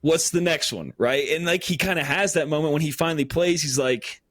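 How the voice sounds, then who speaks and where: Male podcast co-host, slightly high voice, earnest and rambling, choked up, dry close mic. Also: fairly quick, a bit bright, no echo. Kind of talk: casual chat.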